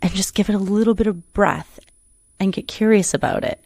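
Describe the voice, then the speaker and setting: In a clean studio recording with no echo, a woman with a medium-pitched, somewhat dark voice speaks briskly and in a steady tone. She's a performer and coach appearing as a podcast guest, reflecting earnestly in an interview while she rambles, restarts sentences often, and says "you know" a lot.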